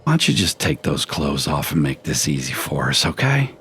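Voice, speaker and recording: A man voicing a creepy, glitching old man entity who is predatory and menacing, speaking in a slow, drawling, leering way. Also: a bass voice, big pitch swings, a bit bright, voice pushed down, exaggerated voice. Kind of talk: tabletop horror game voice.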